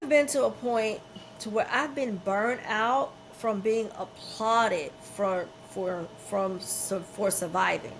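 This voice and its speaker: A woman's voice: mid-range voice, slow, a little hiss or hum, poor audio. A middle-aged woman hosting a podcast, talking in a candid, emphatic and unfiltered way, often repeating herself for weight. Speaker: podcast host.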